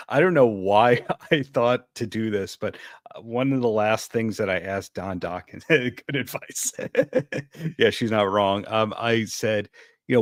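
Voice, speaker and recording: A man's voice: fairly low pitch, no echo, studio quality. A man talking in a casual podcast conversation, wry and giving frank advice. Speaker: podcast guest, interviewer. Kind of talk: casual chat.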